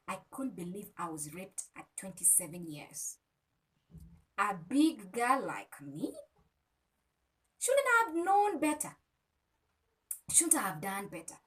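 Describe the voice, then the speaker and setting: A woman's voice: medium pitch, fairly bright tone. Emphatic woman vlogger, mic at a distance. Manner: emphatic, preachy, direct address. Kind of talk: motivational talk to camera.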